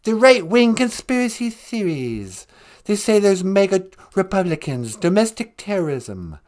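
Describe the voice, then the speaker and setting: A man's voice: high voice, big pitch swings, measured pace, a little mellow, voice pushed up. A man doing an impression of a boastful older male politician, bragging and threatening in a mocking way.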